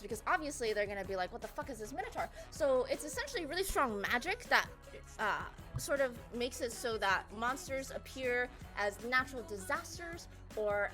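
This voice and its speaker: High-voiced young woman, rambling comic recap. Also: fairly bright tone. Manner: rambling, profane, filler-heavy, fast asides. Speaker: presenter. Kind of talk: casual comic slideshow recap.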